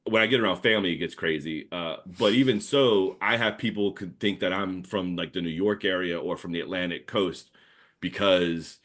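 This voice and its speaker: Deep-voiced New Orleans man, rambling. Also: normal speed. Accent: New Orleans Yat. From New Orleans area. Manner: rambling, animated storytelling with many fillers. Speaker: comics artist guest. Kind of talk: casual podcast chat.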